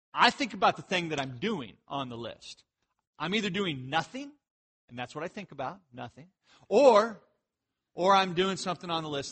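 A man preaching a sermon, telling jokey stories and breaking into animated outbursts. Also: fairly high pitch. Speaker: pastor.

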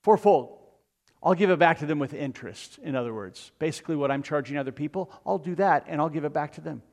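A man preaching a sermon, retelling a story with lively asides to the congregation. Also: on the high side, quick pace, in a large hall.

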